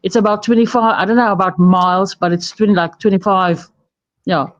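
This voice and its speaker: A woman's voice: medium pitch, steady tone, fairly quick, lo-fi sound. A woman from South Africa with a South African accent, chatting casually on a live stream from her bed, rambling and laughing often. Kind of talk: casual chat. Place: lying on her bed at home. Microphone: phone.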